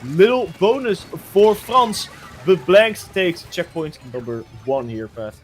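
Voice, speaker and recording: A man with a Dutch accent giving lively, excitable play-by-play commentary as an esports caster. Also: high-pitched, slow pace, soft background music.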